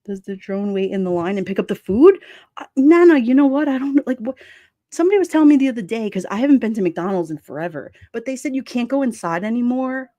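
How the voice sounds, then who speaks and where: A woman's voice: on the high side, lively intonation, fast, dark tone, no room sound. A woman hosting a livestream, chatting casually and reading viewer comments aloud, laughing often and slipping into quoted voices. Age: adult with children. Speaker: livestream host.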